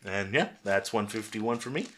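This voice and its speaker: A man's voice: fairly low pitch, normal speed, a bit bright. A man hosting a podcast, chatting casually and wryly teasing his co-hosts. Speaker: podcast host. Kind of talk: casual chat.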